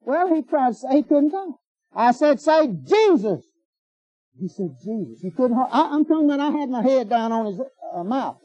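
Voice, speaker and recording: A man's voice: extremely high pitch, fairly quick, dark tone, dry recording. A man preaching a sermon in a folksy, emphatic way, firing off rhetorical questions. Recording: dull lo-fi sermon recording.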